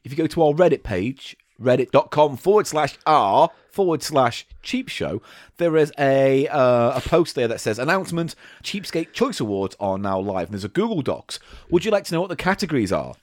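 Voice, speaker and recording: Lively bantering English podcast man. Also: mid-range voice, normal speed, no room sound, clean studio sound. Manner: swearing, bantering, playful storytelling. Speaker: podcast co-host. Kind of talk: casual comedic podcast banter.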